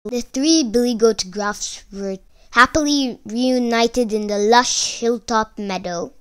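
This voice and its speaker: A woman reading a children's fairy tale aloud in an expressive storytelling manner. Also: fairly high pitch, slow, clean tone.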